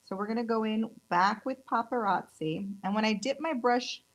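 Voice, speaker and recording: A woman's voice: fairly high pitch, moderate pace, poor audio. A woman in her thirties from California, chatting upbeat through a casual nail tutorial demo. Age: 30s. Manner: chatty and upbeat, gushes over colors. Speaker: nail tech instructor.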